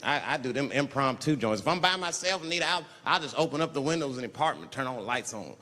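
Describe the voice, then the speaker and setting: A man doing a stand-up comedy routine, animated and loud, leaping into high shouted voices. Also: fast. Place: large theater stage with audience. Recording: live hall recording, audience noise.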